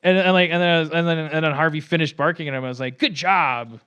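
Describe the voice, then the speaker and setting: A man's voice: a little high, quick pace, fairly bright tone, smooth, lo-fi sound. A man hosting a podcast, telling a long story in a rambling, self-mocking way with lots of profanity and restarts. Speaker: podcast host.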